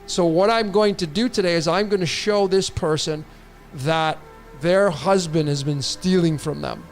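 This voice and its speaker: A man's voice: on the high side, a little slow, faint music behind. A man voicing a hungry planet spirit that feeds on human anger, goading and greedy. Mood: scheming. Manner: greedy, goading, chanting demands.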